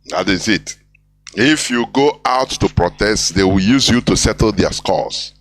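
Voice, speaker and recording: A man's voice: lowish voice, lively intonation, a little slow, dry recording. Lecturing male call-in host. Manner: lecturing, hesitant with fillers. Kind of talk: live call-in broadcast.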